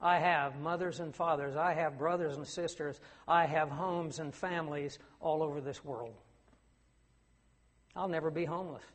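High-voiced preacher in a reverberant hall. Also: male voice, fairly even intonation, normal speed. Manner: earnest, rising to emphatic declamation. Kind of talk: sermon.

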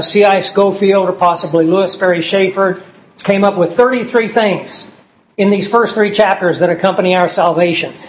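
A man preaching a sermon, slowing down to stress key words as he lists scripture passages. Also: high voice, slight background noise, poor audio. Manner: slow and emphatic on key words, citing scripture verses.

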